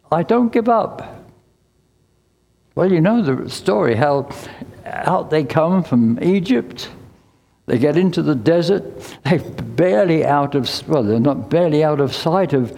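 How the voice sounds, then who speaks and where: An older man delivers a sermon at an unhurried pace, his voice warm and mellow. He tells the story conversationally with wry asides. A long reverb trails each phrase, as in a large hall. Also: medium pitch, vocal fry. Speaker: preacher.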